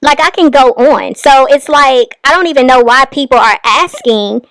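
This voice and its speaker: A woman's voice: sits high, expressive, fairly bright tone, dry recording. Pointed woman commentator, dry close sound. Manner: critical, pointed, deliberate. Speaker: commentary channel host.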